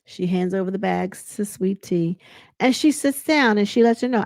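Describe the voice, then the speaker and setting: A woman casually recapping a reality show, chatty and animated, retelling scenes with laughs and dramatic asides. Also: medium pitch, moderate pace, no echo, studio quality.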